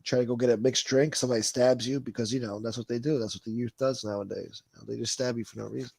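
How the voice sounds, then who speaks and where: Medium in pitch and steady in tone, this man talks fast in a gravelly, husky, slightly mellow voice with no room sound. Hosting a livestream, he reads comments from chat and rambles profanely, laughing often.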